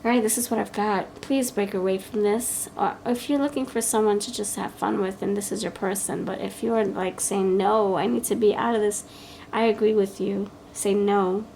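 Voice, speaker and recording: A woman's voice: medium pitch, fairly even intonation, moderate pace, vocal fry, mellow, slight background noise. A woman giving a pick-a-card tarot reading, blunt and scolding, thinking aloud as she turns the cards. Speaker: tarot reader.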